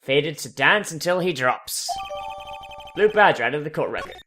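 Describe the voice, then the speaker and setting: A man's voice: on the high side, lively intonation, normal speed, music in the background. A man hosting a let's play, reading game text and making wry, crude asides. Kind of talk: joking game commentary.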